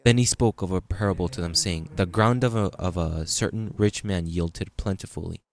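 Male pastor, low voice, informal sermon with scripture readings. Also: moderate pace, dry recording. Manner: conversational preaching, restarts, reads scripture aloud.

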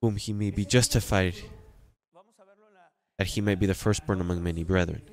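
A man's voice: deep voice, steady tone, moderate pace, a little mellow. A man preaching a sermon with an accent, drawing out words and rising into emphatic bursts. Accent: non-native English. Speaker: pastor.

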